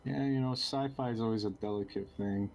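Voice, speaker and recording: A man's voice: lowish voice, a little fast, darkish tone, a little hiss or hum, poor audio. A man co-hosting a gaming stream, laid-back and joking in casual chat. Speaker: stream co-host.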